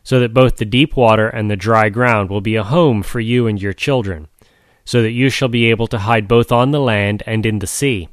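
A man's voice: on the low side, moderate pace, no room sound, clean studio sound, close to an everyday voice. A man playing a lazy grumbling man. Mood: offering. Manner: complaining.

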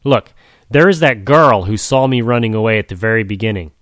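A man's voice: lowish voice, animated, brisk, a bit bright, dry recording, clean studio sound. A man voicing a proud, demanding male crab in a storybook reading, who bargains and insists. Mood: bargaining.

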